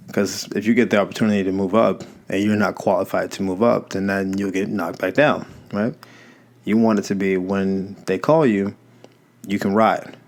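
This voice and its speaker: A young man with a lowish voice talks through his thoughts in a relaxed, rambling monologue. He corrects himself as he goes and keeps the tone conversational, like a host speaking straight to listeners. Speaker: podcast host. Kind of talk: casual reflective monologue. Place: Los Angeles.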